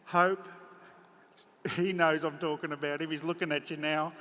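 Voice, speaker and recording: A man's voice: a little high, flat delivery, normal speed, bright, forceful tone, slight background noise. Emotional, joking Australian horseman. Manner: emotional, joking, chatty storyteller. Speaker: horse trainer giving a clinic. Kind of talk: live clinic commentary from horseback. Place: large indoor horse arena. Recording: echoey arena with faint ambience.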